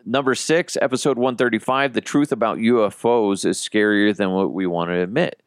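Low-voiced man joking as a podcast host. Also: normal speed, no room sound, clean studio sound. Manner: joking, animated storyteller. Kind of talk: casual chat.

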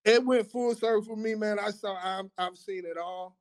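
A man's voice: high-pitched, fairly even intonation, normal speed. A man, a former coach and athletic director, talking reflectively in conversation. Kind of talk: conversational interview.

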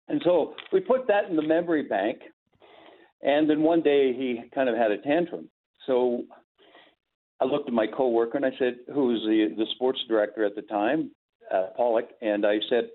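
A man's voice: mid-range voice, moderate pace. Older man, chuckling storyteller, rambling anecdotes, tinny phone-like sound. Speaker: podcast guest, former sportscaster. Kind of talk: casual storytelling.

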